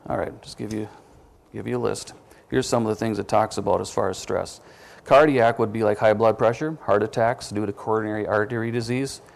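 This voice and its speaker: Male preacher, gravelly, conversational sermon delivery that quizzes the congregation with questions. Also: fairly low pitch, fairly even intonation, brisk. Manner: self-deprecating asides.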